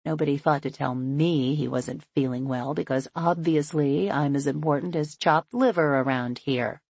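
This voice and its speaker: Woman voicing a sulky grumbling man, lowered voice, quiet, dry. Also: normal speed, vocal fry, slightly rough, no echo, full character voice. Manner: grousing, sulky and muttering. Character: grumbling man who feels left out.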